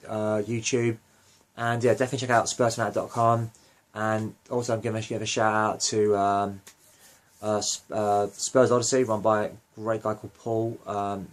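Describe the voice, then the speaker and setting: Rambling man hosting a fan podcast. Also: fairly low pitch. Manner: rambling, many fillers and self-corrections. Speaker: podcast host. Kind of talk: casual rambling monologue.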